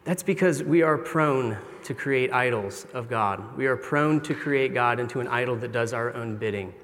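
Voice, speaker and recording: A middle-aged man preaches with earnest, confessional candor, talking to his congregation as if in conversation. His voice sits at an ordinary male pitch. It rings out with the long reverb of a large church sanctuary. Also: normal speed, a bit bright. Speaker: pastor. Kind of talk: sermon.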